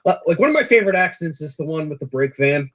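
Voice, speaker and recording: A man's voice: on the high side, expressive, very fast, a bit bright. A young man who talks hesitantly and trips over his words, chatting as a livestream guest. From United States. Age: young adult. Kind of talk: casual livestream chat. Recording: dull lo-fi stream audio.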